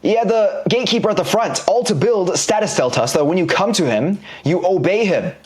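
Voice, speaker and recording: Animated slangy man teaching a course. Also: high-pitched, fairly quick. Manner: animated, slangy, drawing examples on a board. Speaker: online business course instructor. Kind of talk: casual recorded course lecture.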